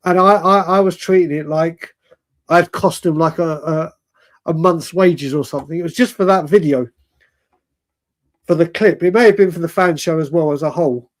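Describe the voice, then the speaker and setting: High-voiced man in his forties. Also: moderate pace. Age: 40s. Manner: rambling, animated, self-correcting. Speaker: fan show guest. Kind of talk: casual storytelling chat.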